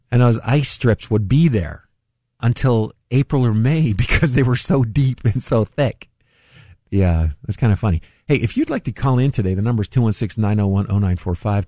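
A man's voice: lowish voice, warm tone, no echo, clean studio sound. Chatty older man hosting radio. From Northeast Ohio. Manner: rambling, chuckling, self-deprecating. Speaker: radio talk show host. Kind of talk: casual radio talk. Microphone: studio microphone.

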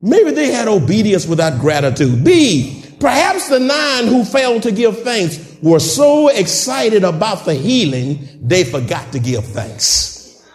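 A man preaching with a very high voice that swoops up and down, calling out to his congregation and breaking into shouts. The sound rings around an echoey church sanctuary. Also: very animated, unhurried. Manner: fervent, calls out to the congregation, rising to shouts. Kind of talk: sermon.

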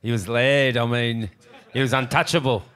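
A man's voice: medium pitch, steady tone, normal speed, fairly bright tone, clean tone. A man chatting in a laid-back, hesitant way. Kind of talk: casual chat.

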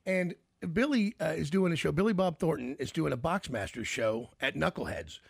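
A man's voice: fairly high pitch, lively intonation, normal speed, gravelly, slightly rough, no room sound, clean studio sound. A man hosting a radio interview, chatty and storytelling, often restarting his sentences. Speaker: radio show host. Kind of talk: casual interview.

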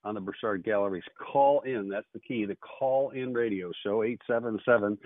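Man, radio host, auctioneer patter, upbeat sales pitch, lowish voice, narrow phone-like sound. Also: moderate pace, dry recording. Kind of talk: call-in radio show patter. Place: radio studio.

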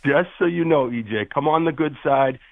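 A man's voice: on the high side, creaky, a crowd in the background. Boston man joking over the phone. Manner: joking, drawn-out and effusive. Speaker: correspondent calling in. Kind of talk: casual radio banter. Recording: muffled phone line.

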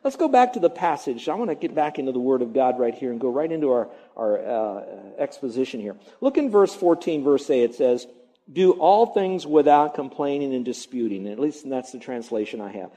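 A man's voice: mid-range voice, very animated, a little fast, hardly any pauses, dark tone, slightly rough, poor audio. A man preaching a sermon as a pastor, emphatic and repetitive, now and then mimicking grumbling.

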